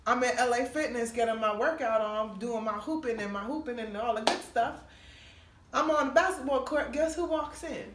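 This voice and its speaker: A woman comedian telling a funny story in a lively, laughing way, acting out the people she quotes. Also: normal speed. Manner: laughs often, acts out quotes with big pitch jumps. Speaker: comedian guest. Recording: echoey room, mic at a distance, faint noise.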